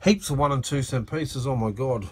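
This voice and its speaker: An Australian man filming a casual outdoor vlog on his phone, chatting excitedly to viewers and calling his mate "mate" a lot. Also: medium pitch, normal speed, a little hiss or hum. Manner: excitable, blokey, lots of "mate" and "righto". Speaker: metal detecting channel host. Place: outdoors at a dig site. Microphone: phone camera.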